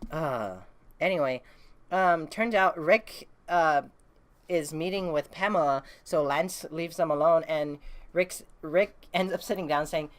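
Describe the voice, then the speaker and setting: A woman's voice: sits low, a little slow. Casual rambling woman recapping a comic. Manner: rambling, filler-heavy, casual cursing. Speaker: comic book reviewer.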